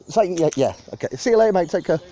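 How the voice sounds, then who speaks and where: A man's voice: high-pitched, expressive, very fast, dark tone. A man gives a rambling, chatty walking tour of a park, talking into a phone and laughing at his own jokes. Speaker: vlogger giving a park tour. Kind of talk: casual walking tour narration. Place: outdoors in a city park. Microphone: phone held while walking.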